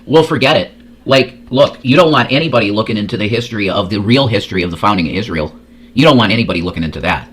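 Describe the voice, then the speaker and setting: A man's voice: lowish voice, lively intonation, fast talker, a bit bright. Profane, rambling male reaction host. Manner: crude, profane, rambling with repeated words. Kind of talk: casual reaction commentary.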